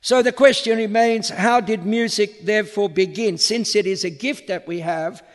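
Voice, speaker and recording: A man with an Australian accent with a slight American tinge, a priest giving a public lecture in an unhurried way, repeating words as he searches for the next. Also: high-pitched. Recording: long reverb of a hall.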